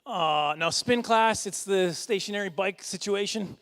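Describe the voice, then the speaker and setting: High-voiced self-mocking comedian man. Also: a bit bright, smooth. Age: middle-aged. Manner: rambling, self-deprecating, quick asides with chuckles. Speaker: stand-up comedian. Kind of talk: stand-up comedy set. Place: fundraising dinner hall.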